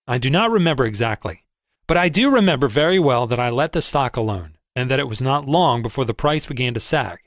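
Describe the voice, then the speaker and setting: A man narrating a first-person audiobook in an expressive, measured storytelling manner. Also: mid-range voice, no room sound, clean studio sound.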